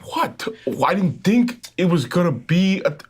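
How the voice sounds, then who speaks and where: A player answers in character, flustered and stammering. The voice swings up and down a lot and has a husky edge. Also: medium pitch, big pitch swings, a little slow.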